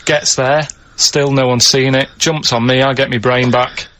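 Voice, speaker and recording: A man who is a regular on a comic radio show, speaking deadpan and matter-of-fact as he explains his ideas. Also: mid-range voice, unhurried, slight background noise. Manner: deadpan, plain-spoken, explains things matter-of-factly.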